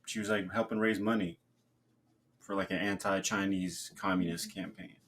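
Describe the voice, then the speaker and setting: A man co-hosting a podcast, laid-back and chiming in with quick jokes. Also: deep voice, fairly even intonation, a bit bright. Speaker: podcast co-host. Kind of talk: casual podcast chat.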